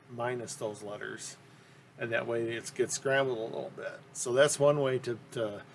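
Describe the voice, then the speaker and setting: A man's voice: mid-range voice, slight background noise. A man talking casually about his collecting, rambling and enthusiastic, with frequent ums and restarts. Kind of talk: casual interview talk.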